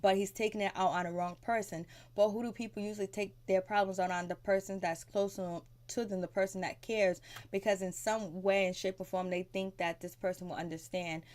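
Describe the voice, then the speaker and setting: Woman vlogger, talky episode recapper, frank and a bit profane, mid-pitched. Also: fairly even intonation, brisk, hardly any pauses, darkish tone. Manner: rambling and conversational, frank, with fillers and mild swearing.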